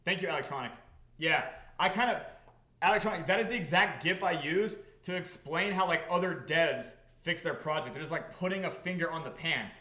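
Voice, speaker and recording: Animated, profane man hosting a live stream. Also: a little high, fairly quick, echoey room. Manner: animated, profane, repeats himself, keeps asking the audience if they follow. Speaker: crypto project founder hosting a live stream. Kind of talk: casual live-stream talk to chat.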